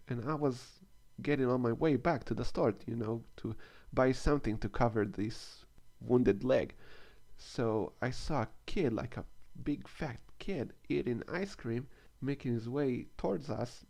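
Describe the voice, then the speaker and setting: Gravelly deadpan stand-up man. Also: medium pitch, normal speed. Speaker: stand-up comedian. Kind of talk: stand-up one-liners and anecdote.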